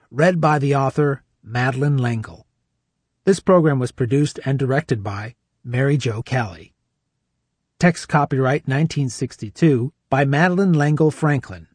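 A male announcer reading the closing credits of an audiobook in a formal, even way. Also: medium pitch, husky, no room sound.

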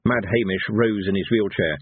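A man narrating a fantasy audiobook in an expressive, storytelling manner. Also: on the low side, moderate pace, breathy edge, no echo. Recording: tinny phone-like sound.

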